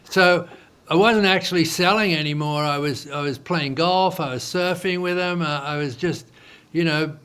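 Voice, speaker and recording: A man's voice: on the high side, normal speed, clear, resonant tone. A man telling his business story casually in an interview, in loose speech with many fillers. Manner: animated storyteller who acts out quoted dialogue. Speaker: entrepreneur guest.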